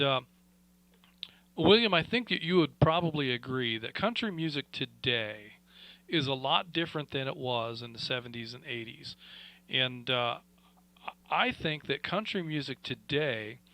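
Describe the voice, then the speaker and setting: A man's voice: medium pitch, vocal fry, sharp tone, low-quality recording. A man hosting a radio net, chatting in a folksy, friendly way with many fillers. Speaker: radio net control host. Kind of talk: casual radio net chat.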